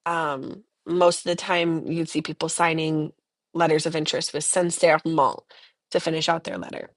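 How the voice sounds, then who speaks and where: A young woman leads a recorded French lesson with patient, chatty explanations in English. She says each model phrase slowly and with careful enunciation, leaving space for students to repeat it. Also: deep voice, fairly even intonation. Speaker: French teacher. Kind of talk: recorded language lesson, repeat-after-me drills.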